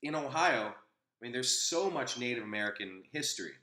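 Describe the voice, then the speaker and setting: A man's voice: medium pitch, animated, fairly quick, pushed and bright, roomy sound. A man hosting a casual opinion chat, telling a rambling anecdote with frequent restarts. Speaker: host.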